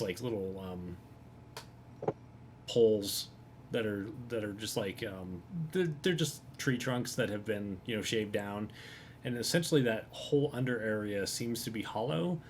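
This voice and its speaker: A man acting as game master, narrating a tabletop game in a relaxed way, with fillers and easy laughter. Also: fairly low pitch, slight background noise.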